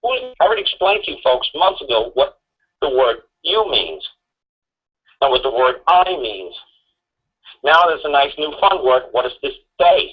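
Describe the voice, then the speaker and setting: A man's voice: medium pitch, animated, normal speed, husky. A man on a call-in talk show, lecturing insistently with repeated rhetorical questions and some swearing, heard through a muffled lo-fi broadcast recording. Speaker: guest speaker on a call-in show. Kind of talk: emphatic talk radio lecture.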